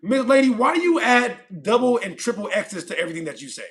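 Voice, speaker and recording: A man's voice: very high voice, big pitch swings, quick pace, fairly bright tone. A man from California hosting a livestream, chatting casually and reading viewer comments aloud, rambling and repeating himself with frequent laughs. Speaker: livestream host.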